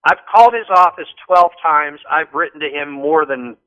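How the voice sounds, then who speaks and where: A man calling in to a political talk show, speaking in an animated, rambling way with repeated restarts. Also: on the high side, normal speed. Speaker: call-in guest. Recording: muffled phone line.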